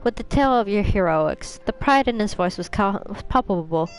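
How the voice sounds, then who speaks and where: A woman voicing a calm, gracious leader of a society, reading in a measured, formal way. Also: medium pitch, clean tone, close to an everyday voice, rough recording.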